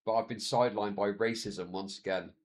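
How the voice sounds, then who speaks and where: On a live stream, a man in his thirties talks casually in a fairly quick, somewhat low voice. He's chatty and animated, telling stories, laughing often and swearing.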